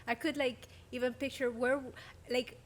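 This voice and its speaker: Brief: female interviewer, higher-pitched voice, eager and emphatic. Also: little pitch movement, normal speed. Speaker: interviewer, host. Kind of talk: conversational interview.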